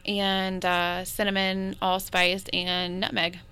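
A woman co-hosting a radio show, chatty and quick to laugh. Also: fairly low pitch, completely flat delivery, sharp tone, clean tone. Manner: giggly, chatty. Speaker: radio co-host. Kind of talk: casual on-air banter. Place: radio studio.

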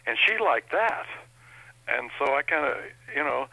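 A man's voice: mid-range voice, expressive, moderate pace, gravelly, sharp tone, dry recording, poor audio. A man being interviewed as an impressionist, telling stories in a chatty, folksy way. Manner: chatty anecdotal storyteller, folksy. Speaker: impressionist guest. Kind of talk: interview chat.

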